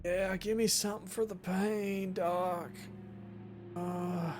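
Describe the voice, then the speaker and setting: A man's voice: sits high, flat delivery, takes it slowly, a little mellow, faint music behind, pitched above the performer's own voice. A man doing a sobbing injured young man. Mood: pained, dazed. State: crying.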